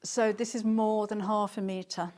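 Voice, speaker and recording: A middle-aged woman, presenting a live sales show at an ordinary, even pitch. Her talk is chatty and gushing, and she reads out comments from viewers between her product points. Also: a little slow. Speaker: shopping channel presenter.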